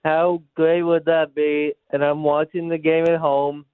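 A man's voice: a little high, little pitch movement, measured pace, smooth, dry recording. Cheerful male caller on a tinny phone line. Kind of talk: phone-in call.

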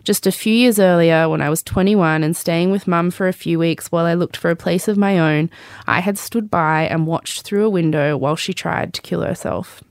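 An Australian woman reads her own memoir aloud in a low-pitched voice. Her narration is candid and wry, with joking asides. The sound is close and dry. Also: moderate pace, no room sound. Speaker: host reading her memoir.

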